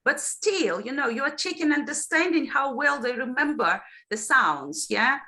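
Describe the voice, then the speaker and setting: A woman's voice: sits high, lively intonation, moderate pace, sharp tone. A woman teaching an online phonology lesson over a video call. She explains patiently and keeps checking in with her students. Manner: explains patiently, often checks in with "yeah?" and "right?". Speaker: teacher trainer.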